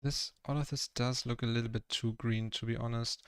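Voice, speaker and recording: Flat, gravelly German-accented man. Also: medium pitch, a little fast, no room sound. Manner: rambling, filler-heavy, self-conscious about his English. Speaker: streamer painting live. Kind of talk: casual livestream chat.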